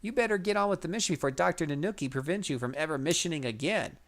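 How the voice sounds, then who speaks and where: High trembling voice of a scared spy shopgirl from an old adventure game, put on by a man, gravelly edge. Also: fast talker, close to an everyday voice. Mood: indignant. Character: nervous female music-store clerk spy.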